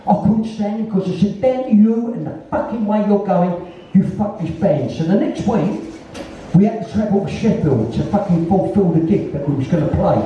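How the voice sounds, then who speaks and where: A man of about sixty with a London Cockney accent tells a rambling, foul-mouthed story. His voice sits high yet is deeply dark and mellow in tone. He is picked up from a distance in a very echoey venue, with a dull, muffled sound. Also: animated, normal speed, slight background noise. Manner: blunt, heavy swearing, rambling tale-telling. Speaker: guest musician in an onstage conversation. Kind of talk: anecdotal storytelling. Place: live music venue, in front of an audience.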